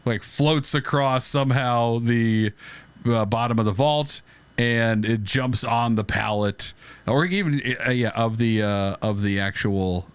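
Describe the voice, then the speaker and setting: A man's voice: medium pitch, a little slow, clear, resonant tone, dry recording. A man co-hosting a comedy podcast, riffing animatedly on a movie idea and laughing often. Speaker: podcast co-host. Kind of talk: casual comedic brainstorming.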